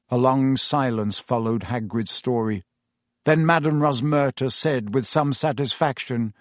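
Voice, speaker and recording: A man narrating a storybook in an expressive, measured way. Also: mid-range voice, no echo, studio quality. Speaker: audiobook narrator. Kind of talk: scripted narration.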